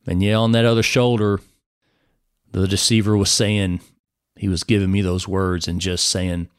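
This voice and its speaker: A man's voice: low-pitched, level tone, moderate pace, smooth, dry recording, clean studio sound. A man giving an earnest personal testimony sermon, speaking straight to the listener and calling him brother.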